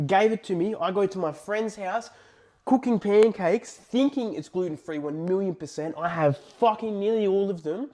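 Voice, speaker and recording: A young man tells a story to camera in casual, profane talk, swinging from loud outbursts to hushed asides. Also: high-pitched. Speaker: vlogger.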